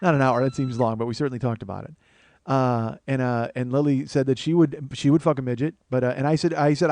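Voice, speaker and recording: Middle-aged male comedy podcaster, quick, profane, rambling monologue. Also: mid-range voice, fairly even intonation, darkish tone. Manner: rambling, profane, self-amused.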